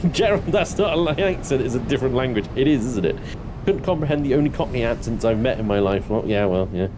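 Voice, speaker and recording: Talking fast against background noise, this young British man banters casually with his livestream audience during a game. Expect frequent laughter, plenty of swearing, and squealing, mock-offended outbursts.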